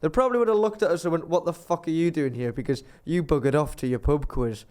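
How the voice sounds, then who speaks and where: Quick-paced and high, with a darkish tone, a man co-hosts a podcast. He rambles through a story in relaxed conversation, acting out what everyone said.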